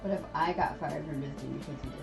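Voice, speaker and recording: A woman's voice: sits low, fast talker, creaky, over music. A woman chatting casually and playfully on her husband's stream. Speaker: co-host, streamer's wife. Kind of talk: casual chat.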